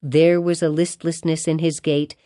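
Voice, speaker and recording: A woman reading a classic novel aloud as an audiobook narrator, in a measured, even storytelling delivery. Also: low-pitched. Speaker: audiobook reader.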